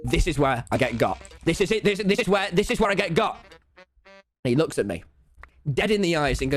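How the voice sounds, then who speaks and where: A young British man tells a story on stream in a high, lively voice that keeps leaping up and down. He swears freely and acts out every voice in the exchange. Faint music plays under him. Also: a little fast. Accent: British English. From England. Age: young adult. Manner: excitable, swears a lot, acts out both sides of the exchange.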